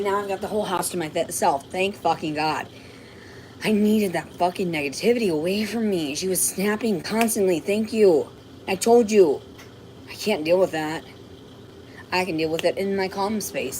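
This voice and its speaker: A woman's voice: on the low side, moderate pace, darkish tone, a little hiss or hum, low-quality recording. Profane, ranting woman streaming from home. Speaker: livestreamer. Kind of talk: rambling livestream monologue. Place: home, indoors.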